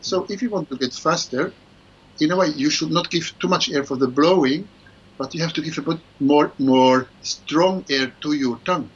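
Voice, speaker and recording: A man's voice: a little high, moderate pace, breathy edge. A man, a guest oboist, explaining his practice technique in an online interview and singing syllables to demonstrate. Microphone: video call. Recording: muffled lo-fi online call with faint ambience.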